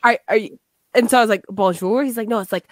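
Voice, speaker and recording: A woman's voice: fairly high pitch, steady tone, rapid-fire, no echo, clean studio sound. A young woman co-hosting a podcast, chatting casually, laughing often and swearing while she tells stories. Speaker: podcast co-host. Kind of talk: casual chat.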